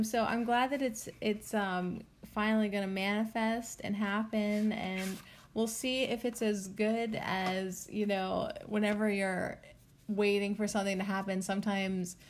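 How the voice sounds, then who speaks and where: Bubbly, chatty woman podcast host. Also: medium pitch. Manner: bubbly and chatty, giggles often; loose, rambling talk with many fillers. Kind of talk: casual solo podcast chat.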